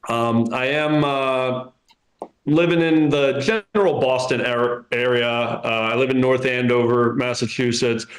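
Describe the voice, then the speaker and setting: A man's voice: medium pitch, measured pace. A man in his thirties performing a stand-up comedy set in a club, with a dry, self-mocking delivery. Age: 30s. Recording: roomy club echo.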